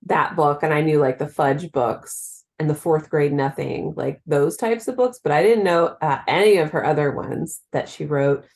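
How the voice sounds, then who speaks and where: A woman's voice: low-pitched, moderate pace, few pauses, a little mellow. A woman co-hosting a podcast in casual chat, talking freely and laughing easily. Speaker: podcast co-host.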